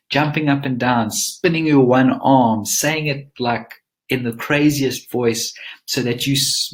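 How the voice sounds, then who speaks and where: A man presenting a live webinar as a mindset coach, teaching in an earnest, emphatic coaching tone. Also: mid-range voice.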